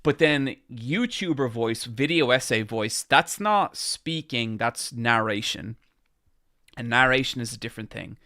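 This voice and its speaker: An Irish-accented man chats casually into a microphone on a live stream, projecting his voice and rambling with many fillers. His mid-range voice is unhurried, bright and forceful, captured in clean studio sound without echo.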